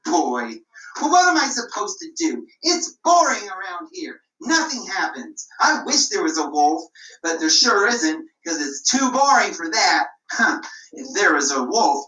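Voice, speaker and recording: A woman's voice: on the low side, very animated, a little slow, reverberant, distant mic, voice pushed down, exaggerated voice, low-quality recording. A woman voicing a bored, mischievous shepherd boy who pranks the village, teasing and whiny, in a puppet show. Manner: whiny and teasing, loud shouting cries.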